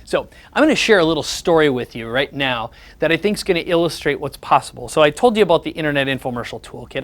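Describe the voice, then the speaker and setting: A man's voice: on the high side, expressive, brisk. A man giving a sales presentation, telling personal stories and acting out the conversations in them. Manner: storytelling, repeats the words of others in conversation.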